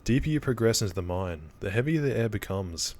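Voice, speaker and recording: A man playing through a horror visual novel and reading its narration aloud in a steady, plain way. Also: fairly low pitch, fairly quick. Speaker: let's play gamer.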